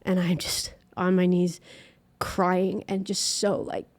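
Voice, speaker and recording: Young adult woman, interview guest; earnest, emotional, halting storyteller. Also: lowish voice, level tone, darkish tone. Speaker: guest musician. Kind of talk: personal faith story in an interview.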